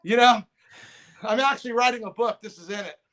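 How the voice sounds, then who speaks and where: High pitched middle aged guy rambling thru a story, acts out the other voices. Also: fairly quick. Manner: rambling, restarts, quotes others in lively voices. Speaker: podcast guest. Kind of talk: casual storytelling.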